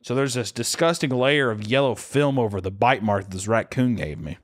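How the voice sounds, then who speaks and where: With a medium-pitched voice at a moderate pace, a young male podcast co-host recounts a story. He keeps it casual, comedic, and full of profanity, animatedly acting out each person's voice and screaming their lines.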